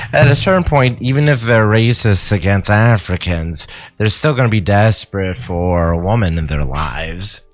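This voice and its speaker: Male podcast co-host, very deep, dry and sardonic, close dry sound. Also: no echo. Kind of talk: casual chat.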